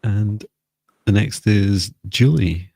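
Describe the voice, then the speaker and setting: A man giving live spiritual readings and energy clearings, speaking slowly and soothingly. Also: on the low side, a little mellow. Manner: slow, soothing, meditative. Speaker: spiritual reader.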